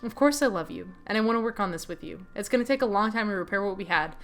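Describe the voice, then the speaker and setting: A gentle young woman who speaks softly and earnestly. A woman reads her lines in a quiet, tender tone close to her own voice. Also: medium pitch, lively intonation, quick pace, lightly acted.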